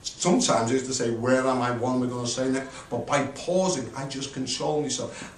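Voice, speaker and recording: A man from the United Kingdom giving an energetic, emphatic public speaking coaching talk with dramatic pitch swings. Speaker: motivational speaker. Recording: echoey room, voice from a distance.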